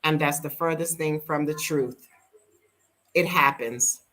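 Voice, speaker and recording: A lower-pitched American woman in her fifties vents in a casual vlog story. She is blunt and emphatic, leaning on repeated words to drive her point home. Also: takes it slowly, fairly bright tone. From United States. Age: 50s. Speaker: vlogger living abroad.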